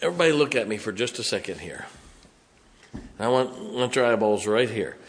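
A man's voice: on the low side, lively intonation, brisk, gravelly, in a large hall. A middle-aged male pastor, preaching a sermon in a church with folksy, conversational stories. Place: church sanctuary.

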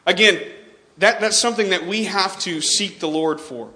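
A man's voice: high-pitched, normal speed, pushed and bright. A young man from Texas preaching a sermon, telling a story with frequent restarts and repeated words.

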